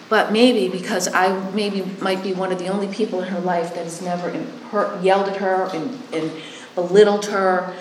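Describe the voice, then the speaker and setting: A woman's voice: fairly low pitch, reverberant, a little hiss or hum, rough recording. Blunt woman telling recovery stories. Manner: blunt, sarcastic, acts out both sides of conversations. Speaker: recovery sponsor and halfway house worker. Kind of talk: candid personal testimony.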